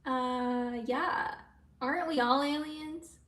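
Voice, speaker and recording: A woman's voice: high-pitched, slow, fairly bright tone, recorded from a distance. A woman live streaming at home, chatting casually and answering viewers' comments aloud in a rambling way. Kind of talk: casual livestream chat with viewers. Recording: roomy sound from away from the mic.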